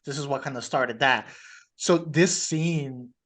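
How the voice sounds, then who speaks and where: A man co-hosting a podcast, telling stories in a relaxed way and laughing often. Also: medium pitch, measured pace. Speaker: podcast co-host. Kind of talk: casual chat.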